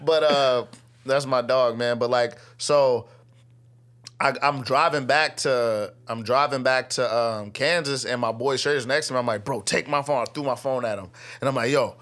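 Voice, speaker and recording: Young man telling a story, slangy and animated. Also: mid-range voice, normal speed. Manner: slangy, acts out quotes in raised voices. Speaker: guest, rapper and army veteran. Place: podcast studio.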